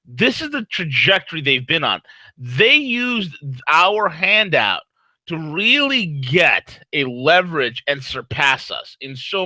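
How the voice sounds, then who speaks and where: A man co-hosting a casual talk show, giving blunt opinions in an animated, rambling way. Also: fairly high pitch, no room sound, low-quality recording. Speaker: co-host.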